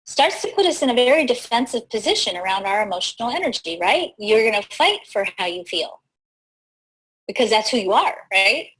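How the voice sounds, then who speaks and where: A woman hosting a live talk, teaching in an animated way, laughing easily and often asking "right?". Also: a little high, breathy edge, low-quality recording. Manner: laughs easily mid-sentence. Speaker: host.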